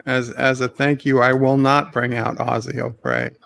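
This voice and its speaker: Gravelly man hosting a stream. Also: mid-range voice, normal speed. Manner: relaxed, reads out chat donations. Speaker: streamer host. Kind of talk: casual live-stream chat.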